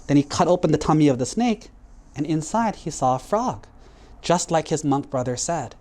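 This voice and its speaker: A man's voice: fairly high pitch, lively intonation, normal speed, a little mellow. A man, a Buddhist monk, telling a moral story to children in a casual, conversational way. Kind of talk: storytelling sermon for kids.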